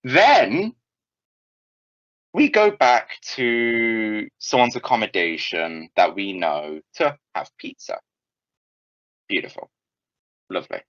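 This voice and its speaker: A young man telling a casual anecdote in an animated way, swearing freely and often restarting his sentences. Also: on the low side, slow pace, pauses often, no room sound. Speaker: storyteller. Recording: dull, lo-fi, dry sound.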